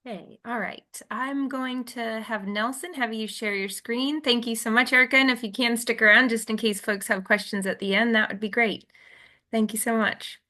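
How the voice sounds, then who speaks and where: A woman moderating a webinar, chatty and halting, with many fillers. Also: a little high, steady tone, pushed and bright. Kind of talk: casual moderating.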